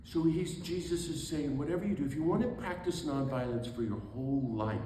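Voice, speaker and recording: A man giving an animated talk as a priest, exuberant, with quick asides and laughter at himself. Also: a little high, distant mic. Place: event hall. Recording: echoey room with faint background noise.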